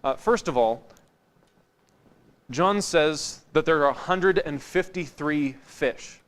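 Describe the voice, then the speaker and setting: A man preaching a conversational sermon in a church, wry and informal, moving between lively asides and hushed emphasis. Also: on the high side, slow pace.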